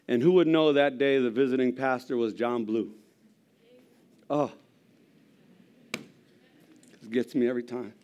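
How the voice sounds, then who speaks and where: Brief: gruff middle-aged man, church testimony, jokey and candid, average pitch. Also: a little mellow. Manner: gruff, storytelling with humor. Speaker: lay preacher giving testimony. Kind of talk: sermon testimony.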